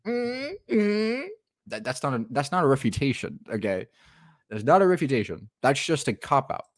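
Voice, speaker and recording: A man's voice: medium pitch, animated, fairly quick, no room sound, clean studio sound. A man hosting a reaction video, arguing his point with rhetorical questions and sarcasm. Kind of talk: casual argumentative commentary.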